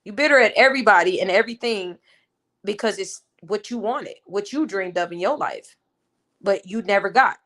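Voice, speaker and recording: A woman in her twenties, a vlogger and mother, speaks straight to her viewers in a mid-range, fairly bright voice at normal speed. She's telling a personal story with emphasis, clearly venting.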